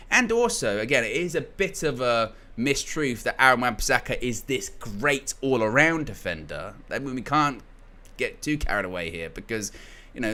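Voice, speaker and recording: A man's voice: mid-range voice, bright, forceful tone. A young man hosting a football channel, giving casual opinion commentary in a rambling way, restarting phrases often and leaning on filler words.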